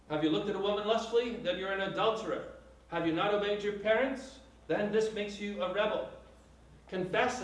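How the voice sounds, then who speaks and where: A man preaching a sermon with emphatic delivery and rhetorical questions, speaking to a congregation. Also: high voice. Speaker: pastor. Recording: echoey room, mic at a distance.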